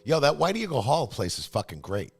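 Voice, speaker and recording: A man's voice: mid-range voice, big pitch swings, brisk, creaky, slightly rough. A man hosting a podcast on a bar stage, chatting in a laid-back way and swearing freely. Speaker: podcast host. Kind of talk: casual chat.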